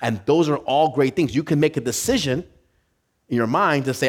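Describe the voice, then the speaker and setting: A man's voice: mid-range voice, normal speed. A man preaching a sermon in a church service. He tells stories with energy and often restarts his sentences. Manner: animated storytelling with frequent restarts. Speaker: pastor.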